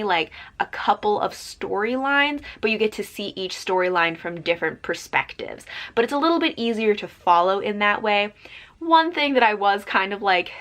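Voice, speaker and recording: A woman's voice: medium pitch, fairly bright tone. A young woman giving a casual spoken book review as host of her channel, chatty and loose with fillers.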